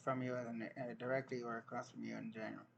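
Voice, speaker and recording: A man's voice: medium pitch, flat delivery, quick pace, vocal fry, dull audio, slight background noise. A young man, casually reacting to a dialect quiz, joking and incredulous as he thinks aloud. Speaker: vlogger taking an online dialect quiz.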